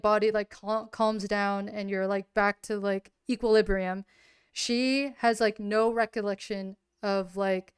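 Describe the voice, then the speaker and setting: A woman's voice: mid-range voice, clean tone, no echo, studio quality. A woman casually recapping her solo tabletop game on a livestream, rambling with lots of "like" fillers and gushing openly. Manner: rambling, heavy use of "like" fillers.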